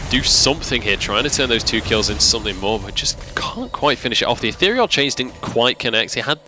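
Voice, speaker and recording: A man doing live play-by-play commentary on an esports match, climbing to excited shouts when fights break out. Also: mid-range voice, fast, noisy background. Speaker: esports caster.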